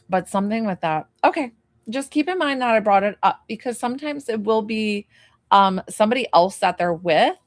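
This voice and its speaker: A woman psychic medium talks through a spirit reading in a loose, wandering way, full of "like" and questions aimed at the client. Her pitch sits at an ordinary middle height. The sound is dry and close, with no room around it. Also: no echo. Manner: rambling and tentative, full of "like" and questions to the sitter; gently reassuring when she relays comfort.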